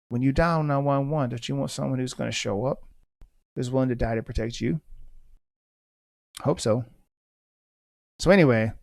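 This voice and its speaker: A man hosting a podcast, a former police officer telling a story in an intense, animated way and cursing casually. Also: medium pitch, creaky, no echo, clean studio sound.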